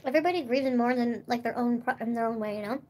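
On a casual livestream, a young woman talks in a meandering way at a racing pace, munching food and laughing frequently. She has a markedly high voice that swings from soft side comments to giggly outbursts.

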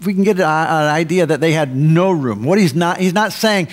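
A man preaching a sermon as pastor, emphatic, rising for stress and dropping low for asides. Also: expressive, normal speed.

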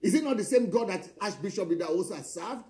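Man, preacher, confrontational, rhetorical, lively swooping intonation. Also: high voice, fast talker. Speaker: pastor. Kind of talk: fiery preaching monologue.

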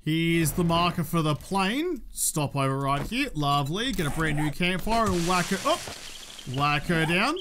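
A man's voice: a little high, sing-song, measured pace, background noise. An Australian man giving jokey, chatty let's-play commentary and talking to his in-game companion. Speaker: gaming YouTuber.

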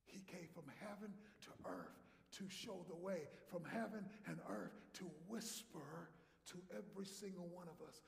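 A male pastor preaching in a church sanctuary, his high voice carrying a gravelly edge. He reads Scripture with rising intensity and swings from loud proclamations to hushed, close delivery. The sound bounces through a roomy hall with a long reverb tail. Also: animated, unhurried. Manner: dramatic, swings from loud declarations to hushed whispers. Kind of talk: preaching a sermon.

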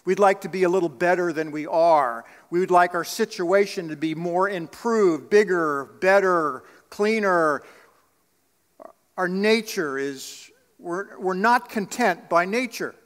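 A man's voice: high voice, a little slow, a bit bright. A man preaching a sermon as pastor, earnest, asking the congregation rhetorical questions. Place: church sanctuary. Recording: long reverb of a church sanctuary.

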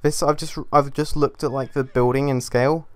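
A man's voice: medium pitch, flat delivery, normal speed, no room sound. A young man giving casual gameplay commentary as he builds, muttering to himself, swearing and getting easily frustrated. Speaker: gaming YouTuber.

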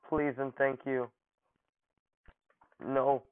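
Slow-talking young man, tinny dry sound. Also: medium pitch, little pitch movement, creaky, dry recording. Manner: joking, mock-dramatic taunts at opponents. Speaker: gaming channel host. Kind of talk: casual gameplay commentary. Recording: dry, phone-like narrow audio.

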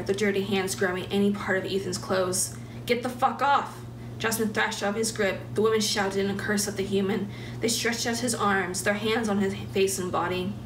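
A woman reading her own fiction aloud at a steady pace with small restarts, in a roomy, distant recording with background noise. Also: medium pitch. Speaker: graduating writer.

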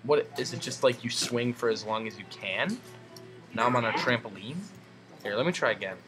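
A young man doing goofy gameplay commentary, muttering asides and then breaking into high excited yells. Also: normal speed, over loud music.

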